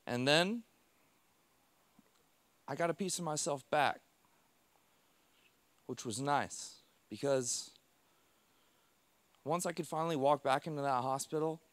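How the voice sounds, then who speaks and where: A man giving a personal storytelling talk on stage to a live audience, speaking in a heartfelt way in short, halting phrases. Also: medium pitch, smooth, no room sound.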